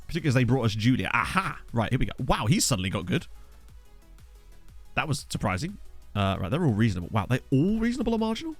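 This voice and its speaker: A man's voice: mid-range voice, very animated, fast, long pauses, slightly rough, soft background music. A young man casually commenting while streaming a football management game, thinking aloud and thanking viewers. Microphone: desk USB microphone.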